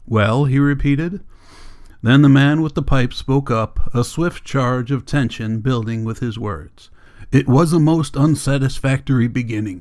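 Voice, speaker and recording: A man narrating a novel in an audiobook with a steady, measured reading. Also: mid-range voice. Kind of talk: scripted narration.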